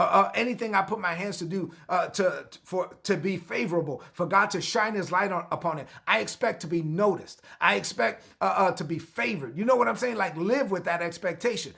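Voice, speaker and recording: A man's voice: high-pitched, creaky, bright, forceful tone. A man preaching an online devotional sermon, exhorting his listeners and calling on them to answer back. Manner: exhorting, calls for responses. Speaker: pastor.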